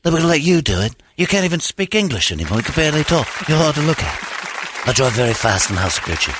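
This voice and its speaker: A man doing an impression of a vain, cocky action star who boasts and taunts in a brisk delivery. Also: a little high, very animated, noisy background.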